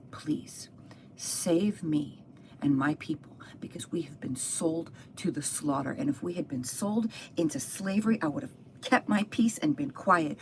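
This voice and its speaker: A woman voicing a young queen who pleads for her people in a hushed, whispery voice. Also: low-pitched, a little hiss or hum.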